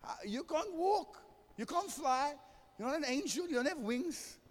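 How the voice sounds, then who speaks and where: Guy doing a high whiny tempter spirit, coaxing and mocking, big echoey hall. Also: expressive, a little slow. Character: wheedling male tempter spirit of greed.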